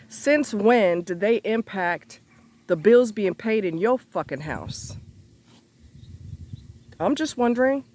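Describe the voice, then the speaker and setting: A woman's voice: animated, takes it slowly, long pauses, a little mellow. Angry, swearing woman ranting to viewers. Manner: indignant, profane, rhetorical questions, pitch leaps when heated. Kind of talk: angry monologue to camera.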